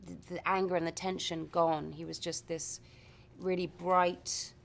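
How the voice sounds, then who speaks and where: A woman interviewed as an actress at a press junket, talking in a reflective, warm way. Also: lowish voice, level tone, measured pace, gravelly. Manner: warm, reflective, says darling. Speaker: actress guest.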